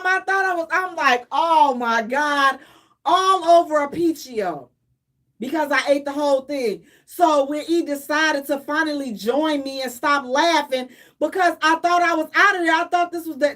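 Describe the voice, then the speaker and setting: High-pitched lady co-host, dramatic storyteller, acts everything out. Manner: dramatic, expressive, acts out her own panic. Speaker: radio show co-host. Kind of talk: animated storytelling chat.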